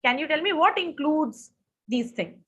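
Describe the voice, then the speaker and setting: High-voiced woman teaching SAT grammar. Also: expressive, a little slow, a bit bright, highs cut off. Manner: asks students questions, reads answers from chat. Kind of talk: live online grammar lesson.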